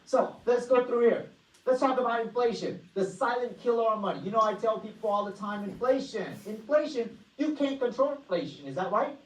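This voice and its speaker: A woman giving an energetic money-management workshop presentation, often asking the audience rhetorical questions. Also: a little high, brisk. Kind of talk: motivational presentation. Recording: echoey room, voice far from mic.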